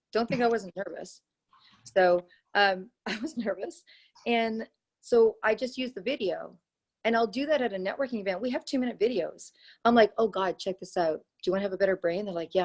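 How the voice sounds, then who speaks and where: Woman guest in an interview, mid-pitched, animated storyteller who acts out her own dialogue and hammers home points by repeating them. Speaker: network marketing leader, guest.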